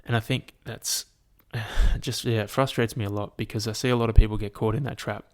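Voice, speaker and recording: A man's voice: fairly low pitch, fairly quick. A man hosting a solo podcast, ranting and telling stories with heavy swearing and constant "like" fillers. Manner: animated storytelling to the listener. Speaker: podcast host.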